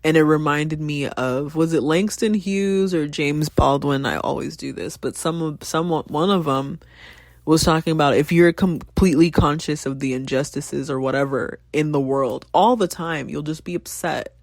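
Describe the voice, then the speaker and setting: A podcast host who also teaches talks casually and passionately at a moderate pace, rambling, swearing a lot, laughing and thinking out loud. The voice is mid-range and the recording is dry.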